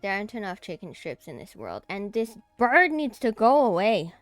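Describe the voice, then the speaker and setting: A woman's voice: medium pitch, very animated, normal speed, no room sound, soft background music. A woman streamer chatting casually as she plays a game, easily startled and giggly. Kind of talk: casual gameplay commentary.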